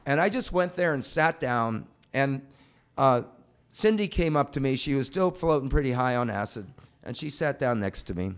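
Lively man telling a personal story. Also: mid-range voice, moderate pace, clean tone. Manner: animated, breathless retelling. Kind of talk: personal anecdote told aloud.

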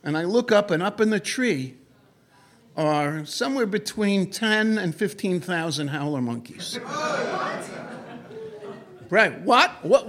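A man with a high voice telling a personal anecdote. He talks animatedly and wanders, with frequent fillers and restarts. His storytelling is conversational and lively. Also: a little slow, long pauses.

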